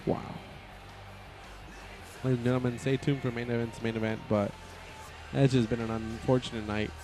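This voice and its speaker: A man rambles through excitable, casual play-by-play of a wrestling video game, frequently correcting himself. His pitch is medium and his speed normal, with loud music playing behind him.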